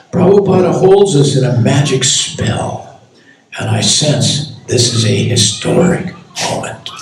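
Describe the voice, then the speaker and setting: An older man in his eighties reads from his memoir, unhurried and measured, his pitch moving freely as he tells the story. He is heard from a distance in a big echoing hall, with a faint hum of ambience behind. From United States. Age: 80s. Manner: slow, measured reading with quoted speech. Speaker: author reading from his memoir. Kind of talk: book reading. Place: temple hall at a book launch. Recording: echoey hall from far off.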